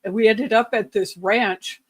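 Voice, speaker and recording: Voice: mid-range voice, steady tone, measured pace. A podcast co-host telling a long personal anecdote in casual chat, with many fillers and frequent laughs. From lived in the southwestern US.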